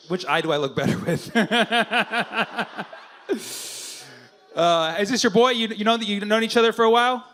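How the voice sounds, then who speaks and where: A man's voice: high voice, fairly bright tone. A man doing stand-up crowd work at a live comedy show, bantering brashly and profanely with the audience.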